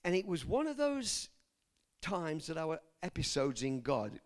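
A man's voice: a little high, sing-song, unhurried. A man preaching a personal testimony to his congregation, earnest and direct, breaking off to question his listeners and stumbling over words when moved. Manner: earnest, speaks straight to the congregation with asides and questions.

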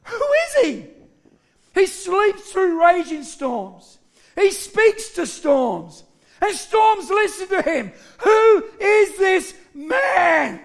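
Preacher doing stunned fishermen, high-pitched wonder, drawn-out questions. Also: male voice, very animated, creaky, heavily acted. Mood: awed. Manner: awed, questioning. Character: frightened awed fishermen, adult men.

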